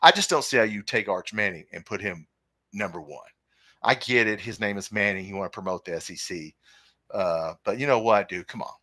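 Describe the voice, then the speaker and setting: Opinionated live-stream sports host, male, low forceful voice, dry close sound. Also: fairly quick, no echo. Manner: opinionated, rambling, reads chat comments aloud. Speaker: podcast host.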